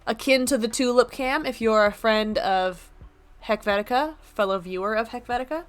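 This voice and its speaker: A woman's voice: fairly high pitch, normal speed, soft background music. A young woman streaming from her apartment desk, chatting casually with a playful, self-mocking manner. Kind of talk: casual live-stream chat.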